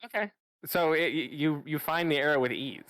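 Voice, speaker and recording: A man's voice: a little high, fairly bright tone, no room sound. Dry-sounding man running a tabletop game. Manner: casual, halting with restarts and fillers. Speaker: game master.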